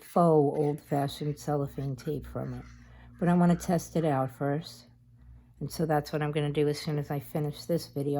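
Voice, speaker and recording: Deep-voiced and warm, this woman talks her way through a craft tutorial. As a craft vlogger, she chats and meanders while she works.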